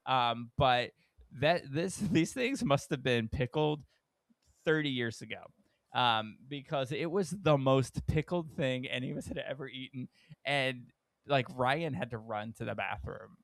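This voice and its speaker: Speaking at a moderate pace, this man co-hosts a podcast and spins a story in relaxed conversation. He's an animated storyteller who voices the people he quotes with big leaps in pitch. There's no room sound.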